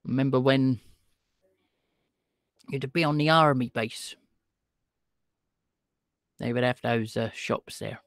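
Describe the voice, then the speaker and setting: A man's voice: medium pitch, takes it slowly, long pauses, no room sound, studio quality. A man hosting a livestream, chatting casually and greeting his viewers by name. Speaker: livestream host calling scammers.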